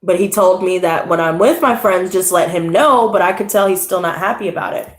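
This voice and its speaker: Animated, swearing young woman in echoey room. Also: lowish voice, fairly quick. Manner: swearing, animated, rambling, lots of "you know" and "like". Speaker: tarot channel host. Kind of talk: casual storytelling to camera.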